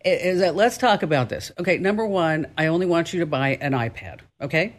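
A woman's voice: deep voice, fairly quick. A woman hosting a call-in radio show, chatty and joking about herself with callers.

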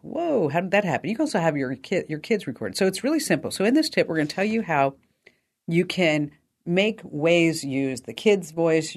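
A woman's voice: low voice, darkish tone. A woman hosting a tech call-in radio show, talking in an upbeat, chatty way and reading ads.

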